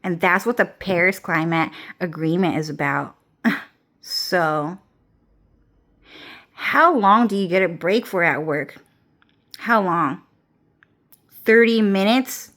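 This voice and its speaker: A woman's voice: fairly low pitch, slow pace, long pauses, a bit bright. A young woman vlogger ranting casually, rambling and swearing with frequent laughs. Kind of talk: casual rant.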